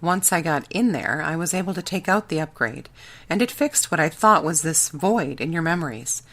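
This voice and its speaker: A woman's voice: low-pitched, animated, moderate pace, fairly bright tone, exaggerated voice. A woman narrator voicing a defensive male scientist explaining himself in an audiobook. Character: defensive male scientist, loyal old friend.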